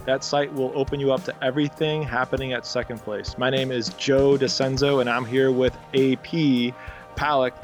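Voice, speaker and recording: A man's voice: mid-range voice, little pitch movement, normal speed, hardly any pauses, soft background music. A man co-hosting a church podcast in casual, upbeat chat, recorded on a home studio microphone over a video call. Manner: upbeat, plugs church events. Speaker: podcast co-host.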